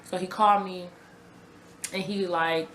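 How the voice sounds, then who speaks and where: A woman's voice: fairly low pitch, fairly even intonation, unhurried, fairly bright tone, roomy sound, a little hiss or hum. A young woman recounting a personal story to her viewers in a casual, conversational way, often repeating herself. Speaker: vlogger telling her own story. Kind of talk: raw personal storytelling to camera.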